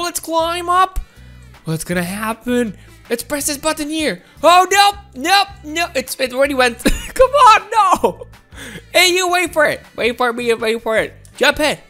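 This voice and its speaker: A woman with a very high, piping voice gives excitable kids' let's-play commentary, shouting often and talking straight to her viewers. Faint game music plays softly behind her. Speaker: gameplay commentator.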